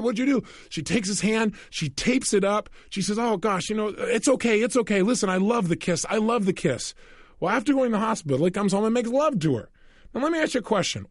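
A male motivational coach talks straight to the listener, with a high voice that swoops up and down as he goes. He slips into quick little voices to act out scenes. The sound is close and dry, with no room at all. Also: no room sound. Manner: animated, asks the listener rhetorical questions. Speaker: self-help coach. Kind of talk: motivational audio program lecture.

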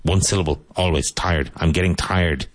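A low-voiced man with a Cork Irish accent leads an English lesson for Spanish speakers. He repeats each model phrase slowly and deliberately. The recording is dry and close. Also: no room sound. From Ireland (Cork). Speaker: English teacher.

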